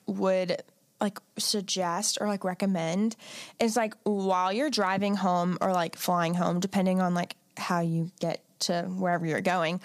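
Reflective young woman giving gentle advice. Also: medium pitch, dry recording, studio quality. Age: young adult. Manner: reflective, gently advising, many "like" fillers. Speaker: podcast co-host. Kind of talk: casual chat.

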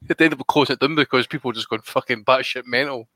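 A man talks boxing on a podcast in a blunt, sweary way. His voice is bright and forceful, recorded dry and close. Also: medium pitch, fairly even intonation, fast talker, no room sound. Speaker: podcast co-host. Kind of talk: casual boxing chat.

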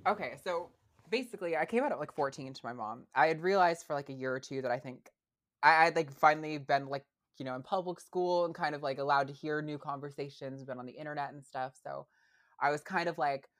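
A woman's voice: deep voice, fairly quick. A young adult woman, a podcast guest, chatting casually with lots of fillers and restarts. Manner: hesitant, many fillers and restarts. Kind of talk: casual interview chat.

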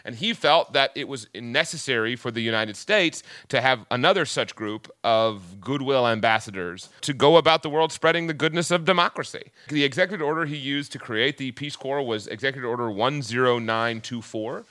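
A man's voice: medium pitch, moderate pace, few pauses, sharp tone, no echo. A man with a Southern US accent, chatting on a podcast and retelling history with jokes. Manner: chatty, joking storyteller. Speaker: podcast guest telling history. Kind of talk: casual podcast chat.

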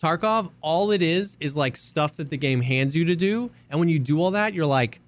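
A man's voice: a little high, animated, moderate pace. A man co-hosting a casual gaming podcast, explaining his views in an enthusiastic, emphatic way. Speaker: podcast co-host.

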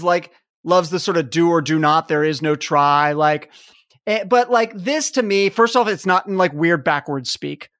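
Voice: mid-range voice, lively intonation, moderate pace, fairly bright tone, no echo, studio quality. A podcast host chatting casually and enthusiastically, rambling with many fillers.

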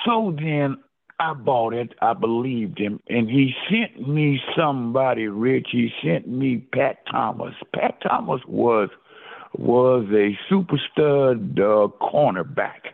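An older man tells his story slowly and with feeling, and he keeps repeating his words and exclaiming. His voice is gravelly and rough, and he comes through a narrow, tinny phone line. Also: medium pitch, expressive. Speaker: interview guest, former football player. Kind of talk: storytelling in a casual interview. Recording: phone-line call audio.

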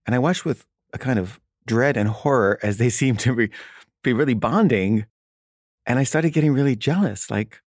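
A man's voice: mid-range voice, normal speed, darkish tone, no room sound, studio quality. A man casually telling a personal story, wry and loose, with frequent filler words.

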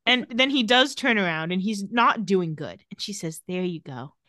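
A woman's voice: mid-range voice, expressive, normal speed, bright, forceful tone, no echo, clean studio sound. A woman co-hosting a casual podcast, retelling TV scenes with quoted lines and frequent laughter. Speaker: podcast co-host. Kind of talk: casual recap chat.

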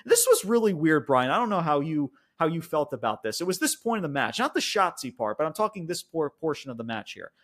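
Profane ranting man, high lively voice. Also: a little fast, hardly any pauses. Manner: frequent fillers and restarts like "like". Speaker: wrestling podcast co-host. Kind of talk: casual wrestling review chat.

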